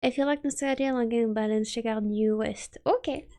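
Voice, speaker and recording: A woman streams live from home on a desk mic, casually chatting, giggling often and reading chat out loud. She has a warm, slightly high, gravelly voice and talks at a moderate pace.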